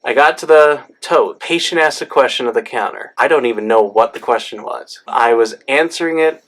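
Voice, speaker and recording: A man who works as a pharmacist, telling personal stories in a candid, reflective way and laughing easily at himself. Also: mid-range voice. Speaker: pharmacist vlogger. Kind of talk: candid storytelling monologue.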